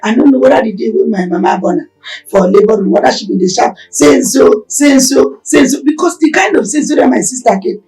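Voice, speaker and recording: A woman's voice: on the high side, expressive, fast, dark tone, recorded from a distance, soft background music, low-quality recording. A defensive city girlfriend. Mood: boastful. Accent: Nigerian Pidgin. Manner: pleading, argumentative. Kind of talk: Nollywood film acting.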